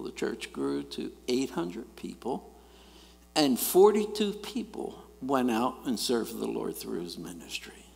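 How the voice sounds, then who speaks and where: A middle-aged man, preaching a sermon and telling stories in an animated way, swinging between loud and quiet. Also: mid-range voice, vocal fry. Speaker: guest preacher. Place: church sanctuary. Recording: church hall reverb.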